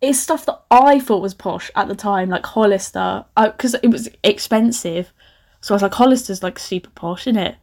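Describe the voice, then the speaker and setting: A woman's voice: medium pitch, moderate pace, a little mellow. A young woman reads her own old story aloud and mocks it in a chatty way, laughing often. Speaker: podcast host. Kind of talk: reading old writing aloud with comic commentary.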